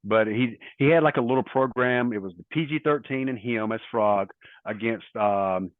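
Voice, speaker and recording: Over a dry, tinny phone-like line, a middle-aged man who used to wrestle rambles through stories packed with quoted dialogue in a relaxed interview. He speaks in a mid-range voice at normal speed, with no room sound.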